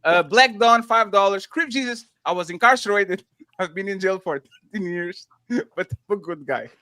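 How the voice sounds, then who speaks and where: A man's voice: high-pitched, normal speed, bright, forceful tone, dry recording, clean studio sound. A man hosting a live panel show, reading viewer comments aloud with exaggerated, laughing delivery. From Portugal. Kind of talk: casual chat, reading super chats.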